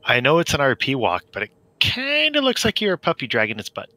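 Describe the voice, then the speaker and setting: Joking man with a lively bright voice. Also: fairly high pitch, quick pace, no room sound. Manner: joking, teasing banter. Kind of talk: casual voice chat while gaming.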